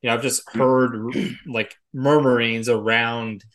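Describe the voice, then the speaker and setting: A man's voice: medium pitch, fairly even intonation, takes it slowly, fairly bright tone. A man co-hosting a casual podcast about film and TV, talking in a rambling way full of fillers and the occasional swear. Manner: rambling, filler-heavy, frequent "like" and "you know". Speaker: podcast co-host.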